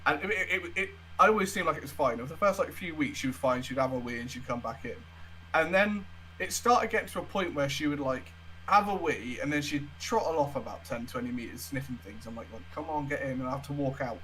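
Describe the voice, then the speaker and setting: A man's voice: medium pitch, brisk, bright, forceful tone, a little hiss or hum, low-quality recording. A young man co-hosting a podcast, telling a story in a chatty, casual way and swearing freely. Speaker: podcast co-host. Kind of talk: casual chat.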